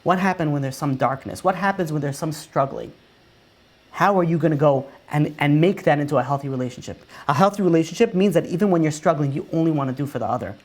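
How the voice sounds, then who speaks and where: A man's voice: fairly high pitch, lively intonation, quick pace. A man preaching a conversational sermon as a rabbi. He leans on rhetorical questions and often repeats and restarts his phrases as he talks things through.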